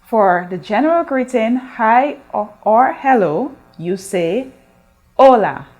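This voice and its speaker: A woman teacher from Guyana leads a recorded school lesson at an unhurried pace. She speaks patiently, drawing out words and pausing for her class to repeat, and asks questions as she goes. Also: on the high side, expressive, darkish tone, muffled recording. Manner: slow, drawn-out modeling of words for repetition. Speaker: Spanish teacher.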